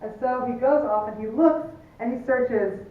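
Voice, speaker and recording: A woman leads a relationship workshop, telling her story in a lively, jokey way. She sounds a little far from the mic, and her voice comes through tinny and phone-like with heavy echo. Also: fairly high pitch, normal speed. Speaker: workshop presenter. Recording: distant, echoey, tinny.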